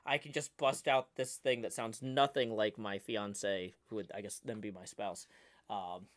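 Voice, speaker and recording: A man's voice: fairly low pitch, steady tone, unhurried, fairly bright tone. Rambling man chatting on a stream. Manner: rambling, full of restarts. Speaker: streamer host. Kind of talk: casual livestream chat.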